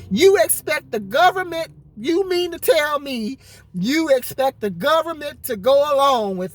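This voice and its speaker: A woman's voice: high voice, dry recording. Woman vlogger, heated sarcastic rant, stumbles over words, dry close sound in a parked car. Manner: indignant, sarcastic, stammers and repeats words. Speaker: vlogger responding to comments. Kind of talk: ranting commentary vlog. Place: parked car in a parking lot.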